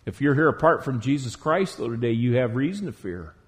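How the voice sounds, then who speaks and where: A man preaching a sermon to a congregation in a church, emphatic, drawing out key words slowly. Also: mid-range voice, animated. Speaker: pastor.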